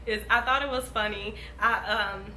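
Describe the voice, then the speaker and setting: A young woman telling a casual storytime on her vlog, animated and swearing freely. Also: mid-range voice, normal speed, a little hiss or hum. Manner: animated, swears freely, acts out quoted voices. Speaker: vlogger. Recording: echoey room.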